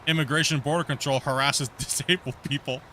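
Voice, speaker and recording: Man, streamer host, casual voice chat, rambling anecdote, lots of fillers, sharp bright tone, faint background noise. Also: on the high side, fairly even intonation, brisk.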